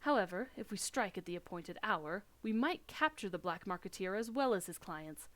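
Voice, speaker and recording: A woman reading the formal, measured lines of a dignified male commander from a game. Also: mid-range voice, expressive, close to an everyday voice. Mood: earnest. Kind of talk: reading game dialogue aloud.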